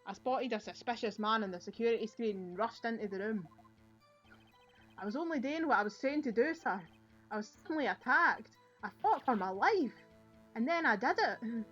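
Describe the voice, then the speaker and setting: A woman with a Scottish accent voicing an eager, dim young male police officer who ends nearly every line with "sir", loud and earnest, reading game dialogue aloud. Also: medium pitch, fairly even intonation, fast, hardly any pauses, dull audio, faint music behind, lightly acted.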